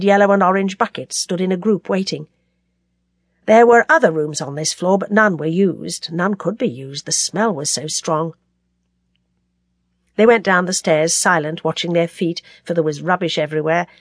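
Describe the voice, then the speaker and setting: Expressive woman audiobook narrator. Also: on the low side, no echo, studio quality. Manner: expressive, dramatic storytelling. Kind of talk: scripted novel narration.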